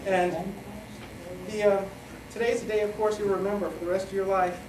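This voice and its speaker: A middle-aged man giving a rambling, joking wedding toast, halting often with fillers as he loses his thread. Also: high-pitched, little pitch movement, noisy background. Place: wedding reception hall. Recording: echoey hall from far off, crowd chatter.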